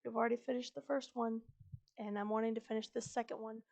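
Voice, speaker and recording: A woman streamer chatting casually before reading a book aloud, her voice slightly croaky, talking in a chatty, rambling, upbeat way. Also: fairly high pitch, flat delivery, fast, darkish tone. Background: fantasy music playing faintly.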